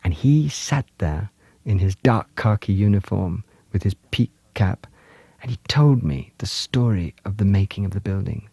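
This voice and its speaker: A man telling stories from his childhood in India in a gentle, lyrical, unhurried way. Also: lowish voice, animated, breathy edge, no room sound. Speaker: storyteller. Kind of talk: storytelling narration. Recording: music playing underneath.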